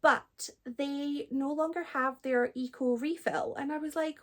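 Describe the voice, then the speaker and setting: A young woman with a Scottish accent talks through her week in a loose, chatty way. Her voice sits high and she laughs easily, often poking fun at herself. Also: steady tone, a little slow, few pauses. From Scotland. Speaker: book vlogger. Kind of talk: casual vlog chat.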